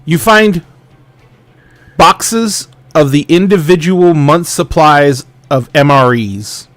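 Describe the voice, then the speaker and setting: A man narrating as game master, describing a scene with casual, halting wording. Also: a little high, fairly bright tone, dry recording.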